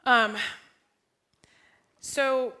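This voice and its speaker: A woman's voice: high voice, steady tone, drawn-out words, pushed and bright. A young woman preaching a sermon in church, chatty and self-deprecating, asking the congregation questions. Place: church sanctuary.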